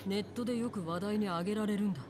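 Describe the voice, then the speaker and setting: A grave young woman from a Japanese game, played by an actress, tells her story calmly and quickly. Her voice sits at a middle pitch. The game audio behind her carries clear background noise. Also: lightly acted. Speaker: game character.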